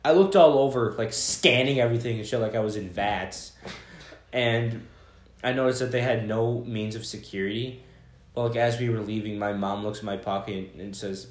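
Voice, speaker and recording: A man's voice: mid-range voice, normal speed, slight background noise. A young man co-hosting a podcast, telling rambling stories and swearing a lot in casual chat. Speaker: podcast co-host. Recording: echoey room.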